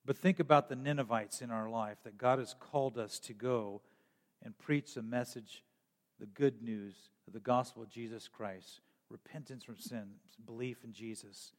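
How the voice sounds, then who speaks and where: A man preaching a sermon as pastor, with emphatic rises and frequent throat clearing. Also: mid-range voice, fairly even intonation, normal speed, long reverb tail.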